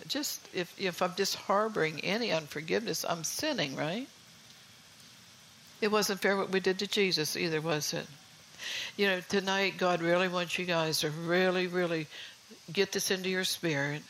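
A woman's voice: on the low side, fairly bright tone, a little hiss or hum, low-quality recording. An older woman giving an informal sermon in a homey, confiding way, often saying "you know". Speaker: preacher.

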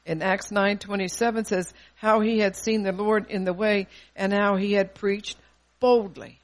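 An older preacher delivering a sermon with emphatic, forceful conviction, quoting scripture and asking the congregation rhetorical questions. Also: medium pitch, flat delivery, a little slow.

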